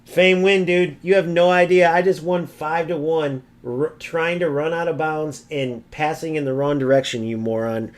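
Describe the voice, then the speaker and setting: A man with a fairly high voice calls out the game over live gameplay. His talk is brash and mocking, full of insults and swearing at other players. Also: steady tone, normal speed, hardly any pauses. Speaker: video game streamer. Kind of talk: gameplay commentary rant.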